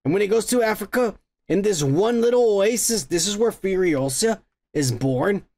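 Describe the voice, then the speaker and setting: A man's voice: high voice, expressive, moderate pace, vocal fry, a little mellow. A man hosting a podcast, rambling through a profane, casual movie review with lots of restarts. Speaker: podcast host.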